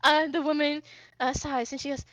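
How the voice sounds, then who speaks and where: A woman's voice: sits high, level tone, moderate pace, fairly bright tone, dry recording. A woman narrating a tabletop game as game master, casual and full of fillers. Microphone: streaming mic.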